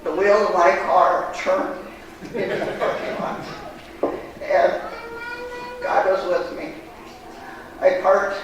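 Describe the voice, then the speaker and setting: A woman giving a heartfelt personal testimony at church, in halting, storytelling speech. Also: fairly low pitch, fairly even intonation. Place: church sanctuary. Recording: echoey church hall, distant mic, background noise.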